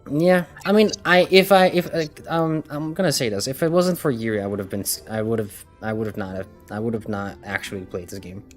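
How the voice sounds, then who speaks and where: A woman's voice: rumbling low, brisk, hardly any pauses, darkish tone. A woman streaming a game, chatting casually with many restarts and laughs. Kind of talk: casual chat while gaming. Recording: music behind.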